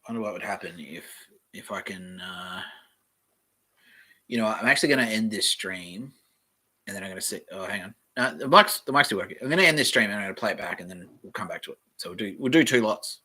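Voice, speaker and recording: A man's voice: low voice, lively intonation, fast, bright, forceful tone, slightly rough. An Australian man hosting a solo podcast, reading aloud in a meandering, offhand way and swearing casually. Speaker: podcast host.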